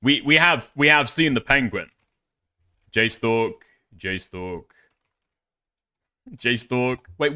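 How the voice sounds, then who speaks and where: A man's voice: mid-range voice, expressive, very slow, pauses often, sharp tone, clear, resonant tone, no room sound, clean studio sound. A man hosting reaction commentary in a mocking, profane manner, laughing often. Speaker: host.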